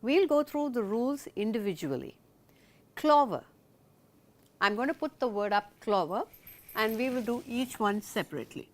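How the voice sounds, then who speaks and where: A woman teaching a recorded lesson in a deliberate, explanatory way. She asks the viewer questions and then answers them herself. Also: a little high, lively intonation.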